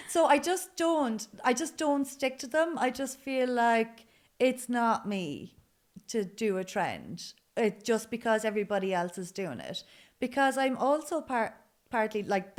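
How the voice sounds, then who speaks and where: Guest: Irish woman, 30s, Midlands accent, slightly high voice, animated and candid, laughs easily. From Ireland. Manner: animated, laughs often, swears casually. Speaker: guest, food creator. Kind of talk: casual chat.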